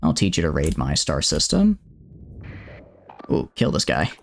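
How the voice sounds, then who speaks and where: A man's voice: a bass voice, huge pitch swings, unhurried, gravelly. A young man streaming a space strategy game, rambling chattily to his chat and his ships. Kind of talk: live gameplay commentary.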